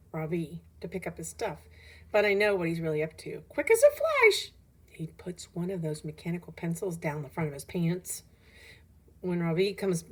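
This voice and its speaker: A woman reading a children's novel aloud in a lively, animated storytelling manner, rising with emphasis at dramatic moments. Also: fairly low pitch, husky. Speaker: audiobook reader.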